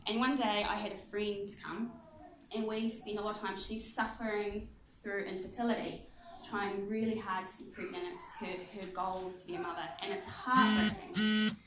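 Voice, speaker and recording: A woman telling a humorous testimony in a sermon, in an animated storytelling way and laughing often. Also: mid-range voice, normal speed, reverberant, noisy background. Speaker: guest speaker.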